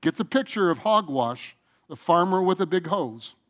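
A man's voice: high-pitched, lively intonation, normal speed. A male pastor preaching a sermon, speaking emphatically and addressing the congregation directly.

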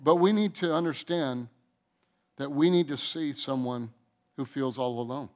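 A man preaching a sermon to his church as its pastor, earnest, with restarts and soft, quiet endings to his phrases. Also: mid-range voice, moderate pace. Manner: earnest, with repeated restarts and soft drops in volume. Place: church sanctuary.

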